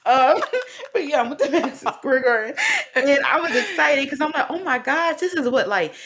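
A young woman in her twenties chats casually as a co-host, her voice sitting a little high and swinging widely as she tells stories. She laughs often and swears freely, keeping the talk loose and lively. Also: normal speed. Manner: animated storytelling with frequent laughter and profanity. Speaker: podcast co-host. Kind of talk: casual chat.

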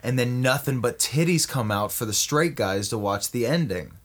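Crude, rambling man pitching a bit. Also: normal speed. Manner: animated, crude, rambling storyteller. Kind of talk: casual comedic riffing.

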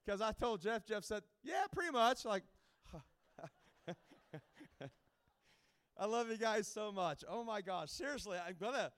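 High, smooth-voiced joking preacher man. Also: a little slow, long pauses. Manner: jokey, rambling, many restarts. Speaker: guest evangelist. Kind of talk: informal sermon to a camp.

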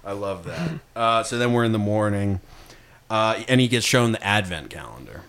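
A man's voice: lowish voice, animated, normal speed, noisy background. A young man hosting a casual chat, recapping a film scene by scene, swearing and laughing a lot. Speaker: podcast host.

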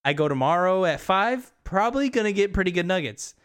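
A man chatting on a podcast with a slightly high, very lively voice that swings up and down. He jokes, swears freely and now and then bursts out loudly. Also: brisk, clear, resonant tone. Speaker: podcast co-host. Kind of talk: casual chat.

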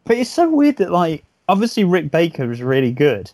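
A man's voice: fairly high pitch, wildly swooping pitch, brisk, a little mellow, dry recording. A man chatting casually about horror film effects on a podcast, enthusiastic and rambling, swearing often as he restarts his sentences. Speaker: podcast co-host. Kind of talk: casual film review chat.

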